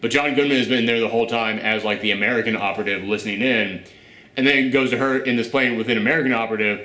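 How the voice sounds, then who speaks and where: A man talks through a film review in a loose, casual way. He sounds blunt and sarcastic and swears without a second thought. His voice sits at a middle pitch and echoes around a roomy space. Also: steady tone, fast talker, sharp tone. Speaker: film review show host. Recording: roomy echo.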